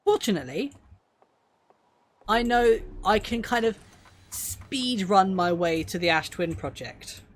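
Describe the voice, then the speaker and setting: Unhurried woman swearing through a game stream. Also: medium pitch, animated. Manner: swears freely, talks to herself while playing. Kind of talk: live gameplay commentary.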